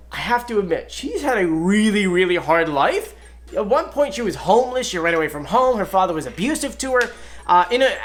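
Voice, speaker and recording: A man hosting his own video, talking through clues in a casual, excited way and shouting out when something thrills him. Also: high voice. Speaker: video host.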